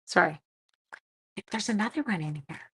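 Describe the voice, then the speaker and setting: A woman's voice: mid-range voice, animated, normal speed, slightly rough. Chatty woman demonstrating crafts live. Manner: chatty, self-mocking, talks to herself while working. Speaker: card-making demonstrator; seventh-grade teacher. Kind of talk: casual live-stream craft demo.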